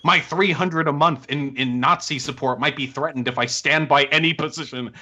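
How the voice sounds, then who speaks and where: A man joining a live-stream debate by call as guest, sarcastic and mocking in a calm, needling way. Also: on the high side, moderate pace. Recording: dull lo-fi call audio.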